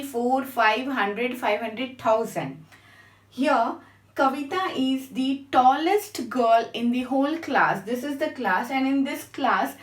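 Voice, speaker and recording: A woman teaching a grammar lesson, patiently spelling out letters and checking with her class. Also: high voice. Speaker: English teacher. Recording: echoey room, mic at a distance.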